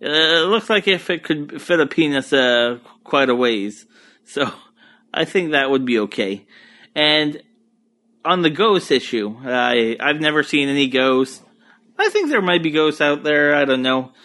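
Expressive and high, a little slow, pushed and bright, this young man speaks with an Acadian French accent and comes from Moncton, New Brunswick, eastern Canada. He hosts a solo podcast sprawled on his couch at home, profane, crude, rambling and relaxed.

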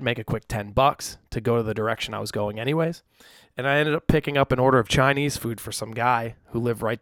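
A young man records a casual solo podcast in his room through a studio microphone, the sound clean and echo-free. His mid-range voice has a fairly bright tone as he rambles along self-deprecatingly.

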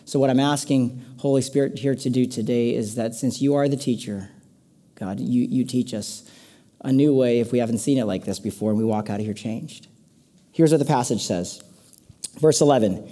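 Man, pastor, casual sermon, mellow voice, playful asides. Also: mid-range voice, moderate pace.

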